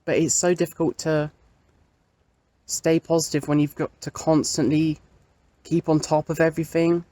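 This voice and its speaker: This video diarist, a young trans woman, has a voice that sits low with a dark, level tone and a normal speed. She speaks frankly and candidly straight to camera, using many casual fillers, and the recording is dry.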